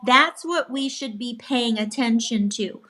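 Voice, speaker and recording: A woman's voice: a little high, a little slow, fairly bright tone. A woman guest on a casual talk show, speaking in an earnest, emphatic way.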